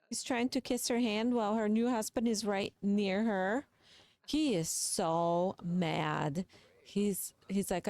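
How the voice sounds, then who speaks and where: A woman's voice: medium pitch, unhurried, darkish tone, no echo. A young adult woman hosting a gaming video, giving chatty, playful, gossipy commentary into a close mic. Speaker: gaming channel host. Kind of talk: casual game commentary.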